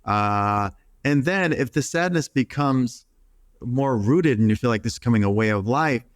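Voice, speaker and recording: A man's voice: mid-range voice, expressive, moderate pace, no room sound. Earnest man musing, dry close sound. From United States. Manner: earnest, acts out quoted voices, many restarts. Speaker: psychotherapist guest. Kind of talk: reflective interview talk.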